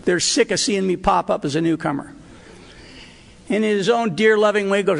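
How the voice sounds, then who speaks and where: A man's voice: sits high, lively intonation, normal speed, creaky, pauses often. An older man sharing his personal recovery story at a meeting, earnest and emotional, with wry asides. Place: hotel meeting hall. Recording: reverberant hall recording.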